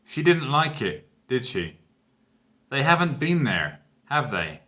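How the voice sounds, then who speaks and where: A man teaching a grammar lesson, speaking example sentences clearly and emphatically and counting down to the answers. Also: medium pitch, big pitch swings, takes it slowly, pushed and bright. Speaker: English teacher.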